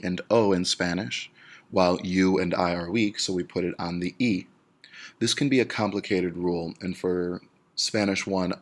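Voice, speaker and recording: A Spanish teacher with a deep voice leads a grammar lesson in a steady, patient manner. He goes through each example step by step, stretching out the key words slowly so his students can keep up.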